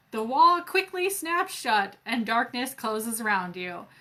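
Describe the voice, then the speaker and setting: A woman reads a choose-your-own-adventure book aloud for a library storytime. Her voice is high and bright. She often breaks off for playful, self-mocking jokes. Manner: playful asides, laughs at herself.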